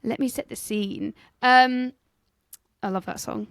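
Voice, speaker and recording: Woman, podcast co-host, casual jokey storytelling, smooth voice, dry close sound. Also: on the high side, steady tone, measured pace, dry recording. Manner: chatty, jokey, swears casually. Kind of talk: casual history podcast chat.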